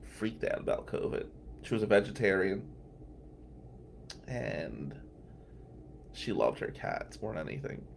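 A man's voice: low-pitched, big pitch swings, a little slow, creaky, long pauses, slight background noise. A man from New Jersey, a podcast host and defense lawyer, telling casual, blunt stories in tribute. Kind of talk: storytelling tribute.

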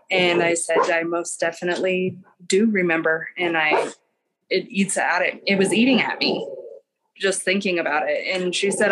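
A woman's voice: fairly low pitch, a bit bright, rough recording. Earnest mother talking it through. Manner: earnest, reflective and halting. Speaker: interview guest, a mother. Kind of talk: casual interview chat.

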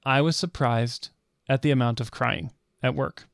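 A man's voice: medium pitch, moderate pace, vocal fry, clear, resonant tone, no echo, clean studio sound. A middle-aged man co-hosting a podcast, chatting casually and laughing often. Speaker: podcast co-host. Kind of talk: casual chat.

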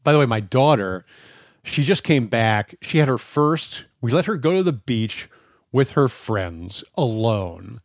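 A man in his forties co-hosting a chat podcast, his pitch swinging up and down as he tells stories. He swears casually and acts out every quote. The recording is close and dry. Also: unhurried, no room sound. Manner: animated storytelling, acting out quotes; swears freely. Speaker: podcast co-host.

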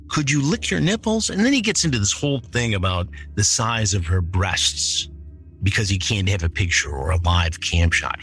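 A man's voice: deep voice, creaky, fairly bright tone. A middle-aged man hosting a true-crime podcast, reading chat logs aloud and adding incredulous, indignant commentary. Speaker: podcast host.

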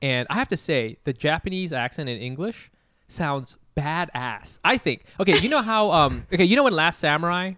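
A man co-hosting a podcast, chatting casually, with lots of quick agreement and stammered restarts. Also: fairly high pitch, animated, pushed and bright, dry recording, studio quality. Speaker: podcast co-host. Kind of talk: casual chat.

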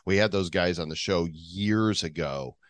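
A playful man co-hosts a casual news chat, reading stories aloud and joking as he goes. His voice sits low. It sounds dry and close to the mic. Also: a little slow, no room sound. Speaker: podcast co-host.

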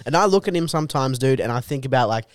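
A man's voice: medium pitch, animated, quick pace, no room sound, clean studio sound. A young man co-hosting a podcast, talking bluntly and with constant swearing in casual banter. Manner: profane, blunt, reflective. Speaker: podcast co-host.

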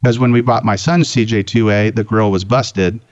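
A man, a guest on a talk show, telling a casual story in an animated, swearing way. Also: on the low side, moderate pace, dry recording, highs cut off. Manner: animated, profane anecdote-telling. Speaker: guest, Jeep owner.

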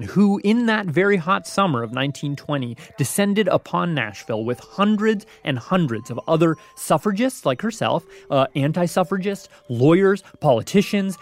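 A man narrating a radio history story in a clear storytelling manner. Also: a little high, lively intonation, moderate pace, hardly any pauses.

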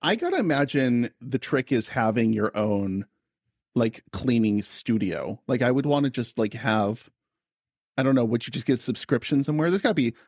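A man's voice: mid-range voice, expressive, normal speed, a little mellow, no echo, clean studio sound. A man co-hosting a comedy podcast, playfully teasing and riffing on silly hypotheticals. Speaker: podcast co-host. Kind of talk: casual comedic chat.

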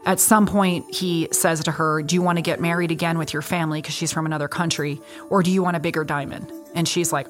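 A middle-aged woman attorney spins blunt, animated stories from her cases. Her voice sits a little low, and she swears freely while acting out everyone she quotes. Music plays clearly underneath. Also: fast talker, few pauses. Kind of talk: storytelling in a podcast interview.

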